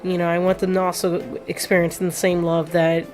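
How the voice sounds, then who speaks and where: A woman's voice: fairly low pitch, level tone, normal speed, a little mellow, soft background music. A young woman giving rambling, sentimental commentary on a game as a let's play host, with many fillers. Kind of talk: casual gameplay commentary.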